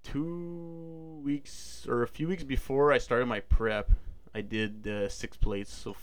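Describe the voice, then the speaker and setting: Powerlifter guy hyped up telling his meet story, casual chat, lots of restarts. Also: medium pitch. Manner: excited, quick storytelling with restarts.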